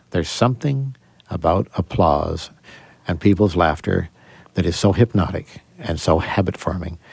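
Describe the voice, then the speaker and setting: An older man, a magician and escape artist, telling lively stories as a guest in an interview and acting out the voices of people he quotes. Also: on the low side, creaky, no room sound. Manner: animated, theatrical storyteller acting out quotes. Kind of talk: interview, storytelling.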